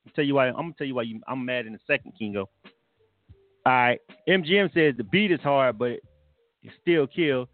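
A man's voice: medium pitch, normal speed, no echo. Laid-back slangy radio host man. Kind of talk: casual radio music review. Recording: tinny phone-like broadcast audio.

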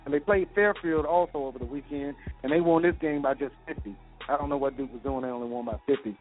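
A man runs through scores in a quick radio sports rundown. His voice sits a little high and comes in over a thin, phone-like line. Faint music plays underneath. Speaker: sports segment host.

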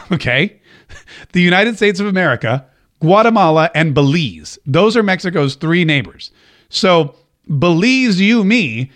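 A man's voice: on the high side, a bit bright. A man hosting a talk show, giving casual, joking political commentary with frequent restarts. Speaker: podcast host.

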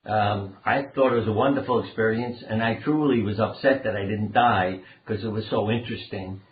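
An older man speaks as an interview guest, earnest and rambling as he tells anecdotes. His voice sits low, and it comes through a thin, phone-like line. The space around him sounds roomy and echoey. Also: fairly even intonation, fairly quick. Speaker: guest, doctor and author. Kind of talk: conversational storytelling interview.

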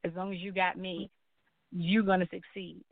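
A woman's voice: fairly low pitch, little pitch movement, normal speed, gravelly, dry recording. Woman telling her story over a tinny line. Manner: earnest storytelling, acts out quoted dialogue. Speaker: guest. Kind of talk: personal testimony in a talk show. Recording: tinny phone-like line, dry.

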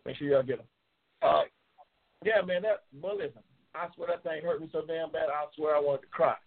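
A man's voice: fairly high pitch, a little fast. A man hosting a live call-in talk show, trash-talking and teasing callers with lots of cursing. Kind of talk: casual live call-in banter. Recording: tinny phone-line sound.

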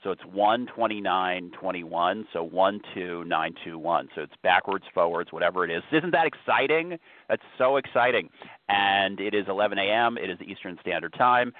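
A man's voice: deep voice, moderate pace, dry recording. A man hosting a casual talk show, chatting loosely and often breaking off mid-sentence. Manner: rambling, self-interrupting. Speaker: host. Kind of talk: casual podcast chat. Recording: tinny phone-line sound.

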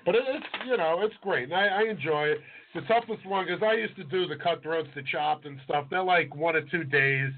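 A man's voice: fairly high pitch, fairly quick. Chatty New man, tinny audio. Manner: chatty storyteller, trails off mid-sentence. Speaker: podcast co-host and chef. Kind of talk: casual podcast chat.

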